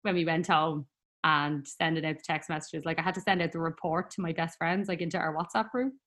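A young adult woman with an Irish accent, a guest in an interview telling her story casually, full of fillers and quick laughs. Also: sits low, steady tone, a bit bright. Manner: chatty, laughs often, lots of "like" fillers.

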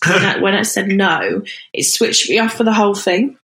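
A woman's voice: medium pitch, moderate pace, fairly bright tone. A woman co-hosting a podcast, chatting in an easygoing, agreeable way with rambling replies. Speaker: podcast co-host. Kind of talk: casual chat. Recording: roomy echo.

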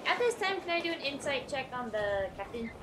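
A woman playing a tabletop game, chatting quickly and playfully. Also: sits high, sing-song, far from the mic. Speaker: player. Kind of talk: casual tabletop play. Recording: loud background noise.

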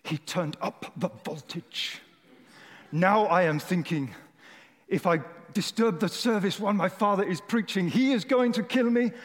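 Brief: a man imitating an older German preacher, German accent, earnest and dramatic, raised pitch, echoey hall. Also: measured pace. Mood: dramatic recounting. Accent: German, put on. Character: elderly German male preacher recounting his boyhood calling.

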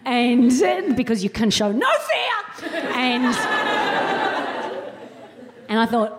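A woman in her late thirties, a podcast co-host, telling a comic story at a live show and acting out other people's voices with big jumps in pitch. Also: measured pace, background noise.

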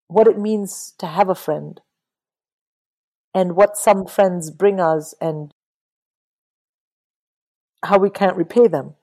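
A middle-aged woman talking casually about books in an interview, animated and swearing freely. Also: on the low side, low-quality recording. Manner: animated, swears, mimics people in quotes. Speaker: guest.

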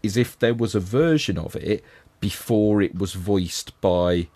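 Liverpool man, low voice, analytical podcast co-host, casual talk. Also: measured pace, dark tone. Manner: analytical, many restarts and fillers.

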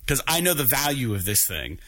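A man telling an excited, profane personal story in a casual vlog, with frequent restarts. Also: mid-range voice, fairly quick. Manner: excited, swears freely, restarts often.

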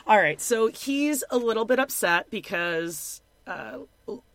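A woman's voice: medium pitch, expressive, measured pace, fairly bright tone, no echo. A young woman co-hosting a casual recap chat, sarcastic and blunt, with lots of "like" and swearing. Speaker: podcast co-host.

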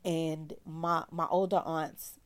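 A woman therapist telling a personal story candidly in a loose, slangy, animated way. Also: low voice, slow pace. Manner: animated, slangy, acts out quoted voices.

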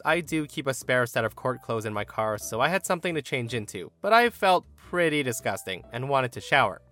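A man reading a forum story aloud in an animated storytelling manner. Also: mid-range voice. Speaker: story narrator.

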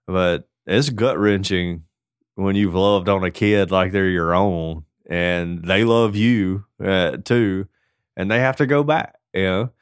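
A man's voice: low voice, slow, clear, resonant tone, no echo, studio quality. A man co-hosting a podcast, chatting casually and telling joking stories about his life as a foster parent. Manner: joking, animated storyteller. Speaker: podcast co-host. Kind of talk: casual chat.

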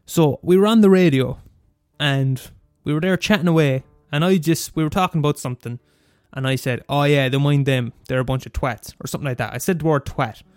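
A slightly high, smooth voice rolls along fairly quickly with hardly any pauses as a twenty-something Irish student radio host curses through a casual rant. Faint music sits behind a recording free of room sound.

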